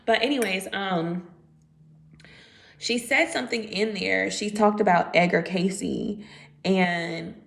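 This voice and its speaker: A woman's voice: medium pitch, slow, creaky, pauses often. A woman in her thirties with an American accent, chatting casually and at length on a live stream, with many fillers. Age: 30s.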